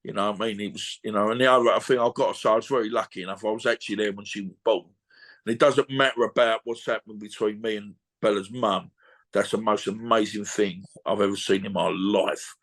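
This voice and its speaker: A man's voice: fairly low pitch, steady tone, brisk, fairly bright tone. A man, talking bluntly and at length in an interview over a video call, swearing freely and circling back with "you know what I mean". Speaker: boxer interviewee. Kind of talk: emotional casual interview.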